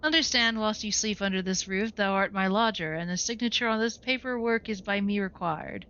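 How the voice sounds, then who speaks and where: A woman's voice: mid-range voice, fairly quick, a bit bright, lightly acted. A woman voicing a stiff, formal landlord who talks in pompous, archaic phrasing in a video game playthrough, on a dull lo-fi recording. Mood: stiffly formal. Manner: pompous, old-fashioned phrasing. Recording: dull lo-fi sound.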